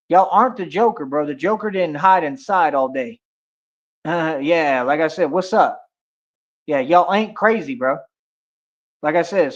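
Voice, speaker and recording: A man ranting on a livestream, confrontational and taunting, with heavy street slang. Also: high voice. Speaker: streamer. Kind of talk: livestream rant. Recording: dull lo-fi audio.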